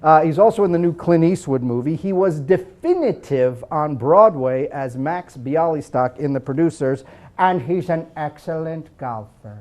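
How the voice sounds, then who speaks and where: Male host, middle-aged, high-pitched, playful joking intros. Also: expressive, moderate pace, a little mellow. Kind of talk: live show hosting.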